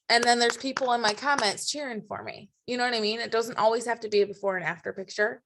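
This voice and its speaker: A woman with a slightly raised pitch chats encouragingly on a video call. She is chatty and quick to laugh. The sound comes through a simple call connection. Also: fairly even intonation, background noise. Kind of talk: casual chat on a video call.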